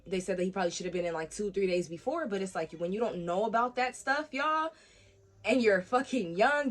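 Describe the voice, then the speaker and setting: A young woman telling a personal story in a casual vlog, animated and profane, acting out the other people's voices. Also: mid-range voice. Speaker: storyteller vlogger.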